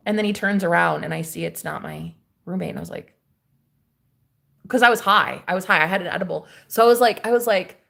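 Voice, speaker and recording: Animated, cussing young woman vlogger. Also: lowish voice, fairly quick, vocal fry. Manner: animated, profane storytelling with slang. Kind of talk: storytime vlog.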